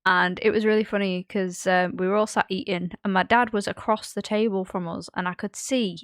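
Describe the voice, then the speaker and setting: A woman's voice: mid-range voice, brisk, clean tone, no room sound. Girl co-host, rambly storyteller, lots of likes and ums, dry close sound. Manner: rambling, animated storyteller, frequent fillers. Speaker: podcast co-host. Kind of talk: casual podcast chat.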